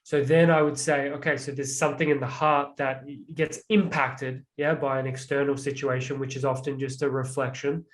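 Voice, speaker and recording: A man's voice: mid-range voice, flat delivery, normal speed, hardly any pauses. A young man, a transformational coach, explaining with many "like" fillers and acted-out examples in an earnest, reflective way. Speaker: transformational coach, podcast guest.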